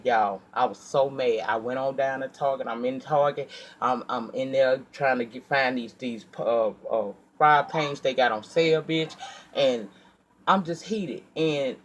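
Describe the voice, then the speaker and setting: A man telling a personal story in a casual storytime monologue, animated and profane, acting out his own heated outbursts and then dropping to a quiet, earnest tone when he reflects. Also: mid-range voice. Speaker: storyteller vlogger.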